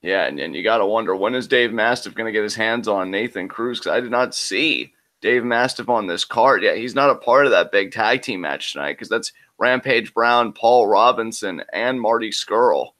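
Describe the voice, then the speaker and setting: Co-hosting a live wrestling reaction show, a man analyzes what he's watching and talks through predictions, saying "I mean" a lot. His voice is fairly low and a bit bright, at normal speed with few pauses.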